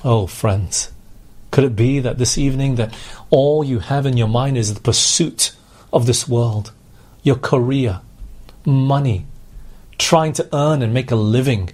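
A man's voice: medium pitch, slow, darkish tone. A man preaching a sermon, earnestly putting questions to his congregation.

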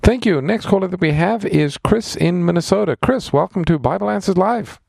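A man co-hosting a radio call-in show, announcing callers and offers in an upbeat tone. His voice is gravelly and animated, and the studio sound is dry. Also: high voice, moderate pace, no room sound. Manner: upbeat announcer, reads phone numbers, leads prayer. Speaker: radio Bible program co-host and pastor. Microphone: studio microphone.

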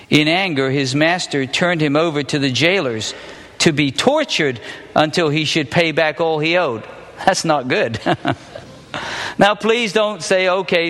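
A man's voice: fairly high pitch, a bit bright, long reverb tail. A man preaching a sermon, teaching a Bible story and quizzing his listeners with questions as he explains it step by step.

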